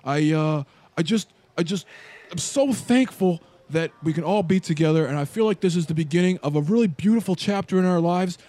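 A man's voice: high-pitched, a little fast, mellow, dry recording, voice pushed up, lightly acted. A man voicing a cheerful, kind-hearted man who gushes and stammers with joy. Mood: overjoyed. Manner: effusive, overjoyed, stammering.

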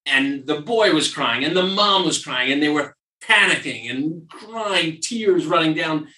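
A man from New York hosts a casual podcast as a surgeon and tells stories with lively repetition. His voice is bright and forward. He sounds a little off the mic, in a roomy, echoey space. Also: a little high, a little slow, distant mic. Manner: animated storyteller who repeats phrases for emphasis. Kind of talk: casual podcast chat and storytelling.

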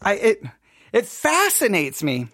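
A man's voice: high-pitched, wildly swooping pitch, slow, a bit bright, husky, dry recording, studio quality. A man reviewing a sermon in critical commentary, perplexed and questioning, often stammering as he restarts his thoughts. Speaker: podcast host reviewing a sermon.

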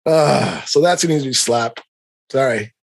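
A middle-aged man hosting a podcast, ranting in an animated, profane, heated way. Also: mid-range voice, measured pace, vocal fry. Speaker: podcast host. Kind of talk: comedic rant.

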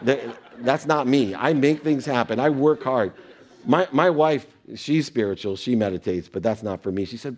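Here a middle-aged man of medium pitch talks at a moderate pace. Earnest and motivational, he tells a story from his own life to share what he learned, acting out the quoted exchanges along the way.

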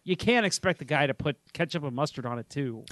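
A man co-hosting a casual hockey podcast, joking with deadpan tall tales. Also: fairly high pitch, fast talker, no room sound. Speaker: podcast co-host.

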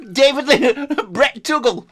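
A man's voice: very high-pitched, expressive, slow, a bit bright, voice pushed up, heavily acted. A man voicing a cheery male brass-band player. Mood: chirpy.

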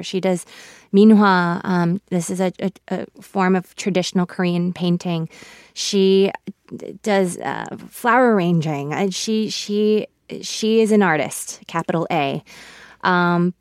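A woman actor in her thirties being interviewed on radio, thoughtful and halting with soft laughs, close to tears. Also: fairly low pitch, no echo. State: emotional, near tears.

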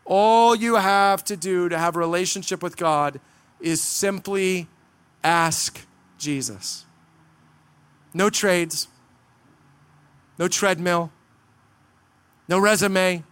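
A man with a high, smooth, resonant voice delivers an earnest sermon. He preaches with emphasis, sometimes slipping into quick dramatized asides. The sound is dry and close. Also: steady tone, fairly bright tone, no room sound. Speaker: pastor.

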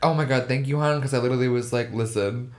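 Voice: mid-range voice, steady tone, fast talker, darkish tone. A young adult co-host in casual podcast chat, joking with camp slang and breaking into laughter while watching a movie.

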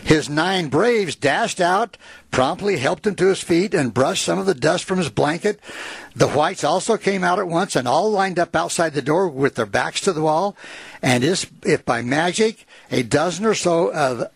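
A man's voice: a little high, expressive, moderate pace, creaky, breathy edge, dry recording. A man retelling a written history aloud to a listener, reading passages and adding casual asides with fillers. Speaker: storyteller.

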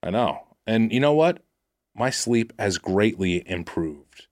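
A man's voice: lowish voice, animated, slow, no echo, studio quality. Rambling man podcast co-host. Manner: rambling, filler-heavy, self-deprecating. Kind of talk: casual podcast chat and host-read ad.

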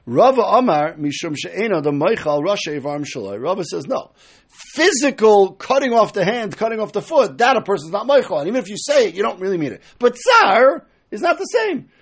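A man's voice: high-pitched, sing-song, fast, breathy edge. A man teaching a Talmud study lecture, explaining step by step and acting out the speakers he quotes.

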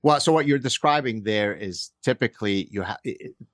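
A man's voice: on the low side, animated, a little fast, no room sound, clean studio sound. Wry middle-aged man guesting on a podcast. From Canada. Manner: discursive, frequent restarts, wry humor. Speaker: guest author. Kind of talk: conversational interview.

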